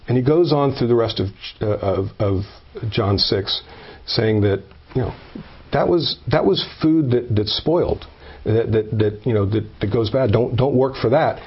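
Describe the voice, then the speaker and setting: Husky-voiced man sharing his testimony, emphatic, restarts a lot; muffled recording. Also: mid-range voice, moderate pace. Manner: earnest and emphatic, builds to animated peaks; stumbling, with many repeated words. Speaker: speaker sharing a personal faith story. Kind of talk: informal testimony talk.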